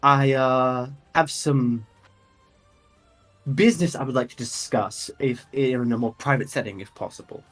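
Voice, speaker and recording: A man voicing a courteous, businesslike woman who represents a merchants guild in a tabletop game, speaking formally with hesitant pauses. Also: medium pitch, fairly bright tone, faint music behind, natural voice.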